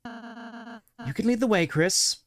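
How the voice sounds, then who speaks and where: A man voicing a gentle, shy young goat prince in a video game, speaking softly and politely with hesitant little ums. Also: extremely high pitch, slow, pitched above the performer's own voice. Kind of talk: video game voice-over reading.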